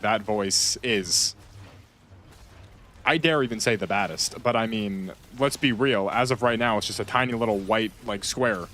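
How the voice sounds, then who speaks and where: A man chatting casually while playing a game, rambling and repeating himself, with sudden loud outbursts. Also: fairly low pitch, a little hiss or hum. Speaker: gaming streamer. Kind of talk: casual gameplay chat.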